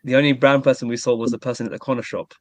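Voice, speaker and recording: A man's voice: medium pitch, steady tone, very fast, no room sound. Man telling stories dryly. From East London. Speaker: guest. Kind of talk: casual chat.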